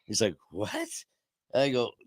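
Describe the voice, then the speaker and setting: A man's voice: fairly low pitch, normal speed, no echo, clean studio sound. A middle-aged man hosting a podcast, telling stories in casual chat and laughing often. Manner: storytelling, laughs often, acts out voices in anecdotes. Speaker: podcast host.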